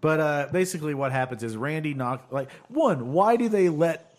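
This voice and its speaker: A man's voice: a little high, animated, moderate pace. A man co-hosting a podcast, recapping a show in casual chat, rambling with lots of fillers and swearing. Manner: rambling, profane, laughs often, many fillers. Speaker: podcast co-host.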